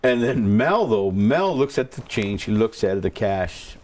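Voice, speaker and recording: A man's voice: fairly low pitch, very animated, a little slow, darkish tone. A man, a pastor, telling a personal story in a rambling way, repeating words and acting out what people said. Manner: rambling, repeats words, acts out quoted voices.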